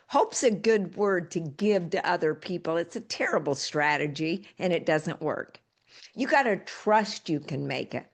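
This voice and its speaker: An older woman giving a motivational talk as a real estate coach, emphatic, folksy and direct. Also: medium pitch.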